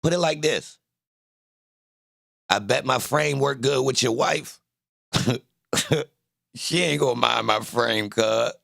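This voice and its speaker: A man's voice: medium pitch, slow pace, vocal fry, long pauses, fairly bright tone, dry recording, studio quality. A young man from Baltimore with a Baltimore accent, talking casually to his livestream chat, boasting and trash-talking. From Baltimore, Maryland. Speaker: livestream host.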